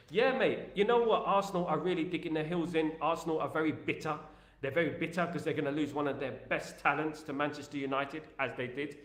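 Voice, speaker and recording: A man's voice: on the high side, a bit bright, roomy sound. A man hosting a football fan channel, chatting casually on a live stream and reading out viewer messages in a repetitive, joking way full of filler phrases.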